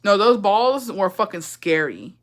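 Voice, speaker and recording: A woman's voice: mid-range voice, expressive, a little slow. A young woman telling a story in a casual, rambling way, swearing a lot and slipping into Spanish. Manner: profane, rambling, switches into Spanish. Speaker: vlogger.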